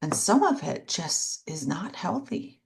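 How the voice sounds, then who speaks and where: A woman with a lowish, slightly gravelly voice that swings widely in pitch. She co-hosts a casual conversation and talks candidly, with self-deprecating humor and a dry, sarcastic edge. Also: sing-song, unhurried. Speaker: podcast co-host. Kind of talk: casual chat.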